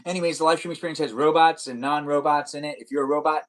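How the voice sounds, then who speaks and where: A man's voice: a little high, steady tone, fast, a bit bright, low-quality recording. A man live streaming, chatting casually and reading out viewer comments in a rambling, repetitive way.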